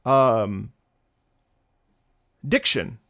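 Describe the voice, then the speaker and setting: A man's voice: medium pitch, very slow, no room sound, studio quality. A young man telling stories to his chat on a livestream, laughing often and acting out the people he quotes. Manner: animated, laughs often, acts out quoted voices. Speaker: streamer reacting to game music. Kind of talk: casual storytelling on a livestream.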